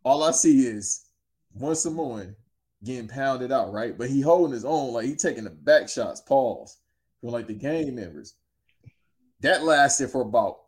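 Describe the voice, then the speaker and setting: A man in easy conversation, spinning a story with lots of slang and lively asides. His pitch sits in an ordinary middle range, and he talks in a loose, laid-back way. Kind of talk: casual storytelling chat.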